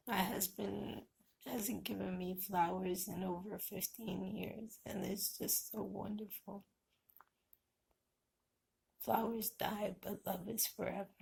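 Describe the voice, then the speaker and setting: A woman's voice: medium pitch, fairly even intonation, unhurried, creaky, a little mellow, husky. A middle-aged woman vlogging at home, giving folksy, heartfelt advice and blessings to her viewers. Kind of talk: casual talk to camera. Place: indoors at home.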